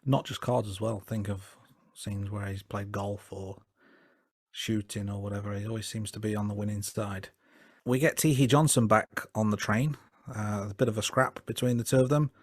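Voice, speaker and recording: Low-voiced man reviewing films casually. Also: normal speed, no echo, clean studio sound. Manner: relaxed, hesitant, with fillers and restarts. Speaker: podcast co-host. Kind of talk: casual film review chat.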